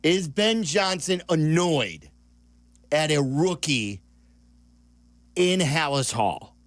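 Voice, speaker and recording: A man's voice: a little high, animated, takes it slowly, no echo. Male sports radio host, inquisitive and chatty, dry studio sound. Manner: chatty, asks lots of questions. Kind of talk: sports talk radio chat.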